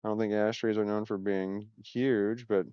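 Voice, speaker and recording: A man with a smooth, resonant voice talks in a loose, meandering monologue, often breaking off mid-thought with wry asides. The sound is dry and close, with no room around it, and the recording is dull and lo-fi. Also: on the low side, flat delivery, normal speed, no echo. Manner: meandering, self-interrupting, wry. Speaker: video host. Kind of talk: casual rambling monologue.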